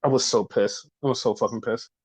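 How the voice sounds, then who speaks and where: A man hosting a podcast, casually recapping wrestling in a profane, animated way and acting out what people said. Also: medium pitch, a little fast, slightly rough, poor audio. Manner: animated, profane, acts out quoted lines. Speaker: podcast host.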